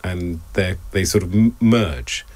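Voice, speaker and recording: Man, radio host, low voice, joking banter, casual chat. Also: slow pace, darkish tone.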